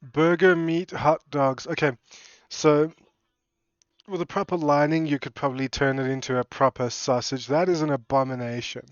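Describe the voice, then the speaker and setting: A man's voice: mid-range voice, fairly even intonation, moderate pace, no room sound. A man, streaming reaction commentary in a laid-back, chatty way and swearing casually. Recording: dull, dry home mic.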